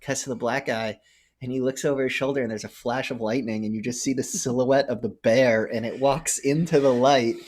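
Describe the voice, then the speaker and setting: A man co-hosting a podcast, casually retelling a film's plot with animated acted-out quotes. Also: medium pitch, brisk. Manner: animated storytelling, acts out quotes. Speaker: podcast co-host. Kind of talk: casual movie recap chat.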